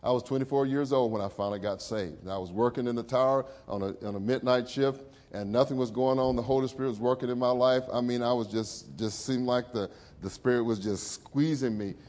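A middle-aged male pastor preaching a sermon. He tells personal stories emotively, rising high and loud, then dropping low and soft. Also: steady tone, fairly quick, few pauses.

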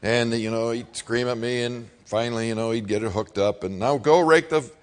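A man's voice: medium pitch, flat delivery, a little fast. A middle-aged man preaching a sermon in a folksy, conversational way, mixing scripture with stories from his own childhood. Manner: folksy, conversational, acts out his father's shouting. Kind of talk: sermon with personal storytelling.

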